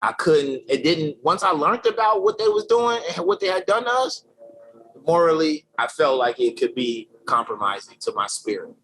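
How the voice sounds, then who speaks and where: A man telling his life story as a guest in a casual interview. He speaks in slangy, energetic talk full of fillers and restarts. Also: on the high side, moderate pace, poor audio. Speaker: podcast guest, creative director.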